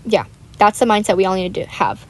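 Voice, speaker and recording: A teenage girl who makes gaming videos on YouTube rambles animatedly and chats casually while playing a game. She has a mid-range voice with lively intonation and talks fast.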